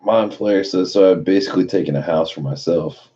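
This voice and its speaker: A very low, mellow-toned man chatting on a late-night live stream. He reads viewers' messages aloud and answers them loosely, with plenty of swearing. The audio is dull and lo-fi. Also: brisk. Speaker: live streamer reading chat.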